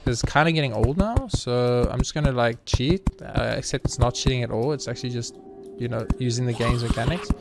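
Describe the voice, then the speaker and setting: Brief: young male let's-play host, sarcastic and self-mocking, swears a lot, mid-pitched voice, game music clearly audible behind him. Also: brisk, hardly any pauses. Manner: sarcastic, mock-boastful, swears freely. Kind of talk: casual gameplay commentary.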